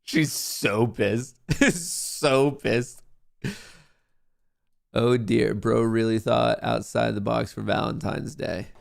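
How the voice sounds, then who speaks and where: A man's voice: medium pitch, takes it slowly, vocal fry, long pauses. A man hosting a livestream, giving laid-back, wry reaction commentary. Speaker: livestream host.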